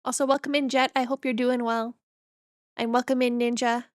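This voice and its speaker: A woman's voice: fairly high pitch, little pitch movement, normal speed, dry recording, clean studio sound. A woman from northern Canada, a streamer chatting casually with her viewers in a rambling, easygoing way as she reads and answers chat.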